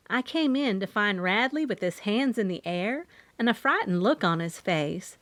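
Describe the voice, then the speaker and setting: A woman narrating a first-person audiobook with expressive storytelling. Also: medium pitch, unhurried, hardly any pauses, dry recording.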